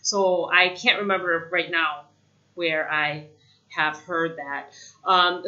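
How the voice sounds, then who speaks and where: Bright-voiced woman teaching English. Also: lowish voice, muffled recording. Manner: chatty, repeats example phrases slowly. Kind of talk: casual spoken lesson.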